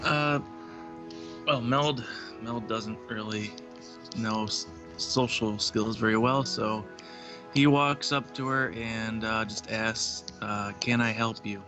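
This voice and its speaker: A man's voice: fairly low pitch, takes it slowly. A man playing a tabletop game, speaking hesitantly with fillers. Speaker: player. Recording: music behind the voice.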